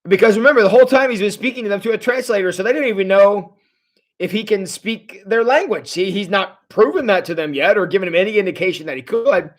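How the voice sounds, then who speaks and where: A pastor hosts a relaxed Bible study over livestream, telling the story in a chatty, animated way and responding to viewer comments as they come in. His voice sits high and he talks fast.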